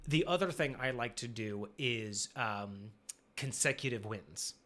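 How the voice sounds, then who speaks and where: A man's voice: mid-range voice, a little slow, pushed and bright. A man hosting a casual live-stream discussion about running tabletop games, rambling with many fillers and acting out players' lines. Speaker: game master and podcast host.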